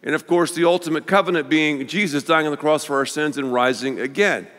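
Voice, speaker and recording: Animated man preaching in a big hall. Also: on the high side, brisk. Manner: animated, playful, leads the congregation in call-and-response. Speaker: pastor. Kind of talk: sermon. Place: large church auditorium. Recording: long reverb of a large church hall.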